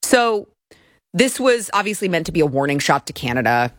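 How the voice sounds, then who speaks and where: A woman's voice: lowish voice, very animated, moderate pace, no room sound. A woman hosting an opinionated political commentary show from a broadcast studio, mocking and sarcastic. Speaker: show host.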